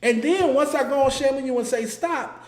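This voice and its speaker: A man with an extremely high-pitched, brisk voice hosts his own solo commentary show in an echoey room. He speaks in a heated, emphatic way, driving his points home by repeating them.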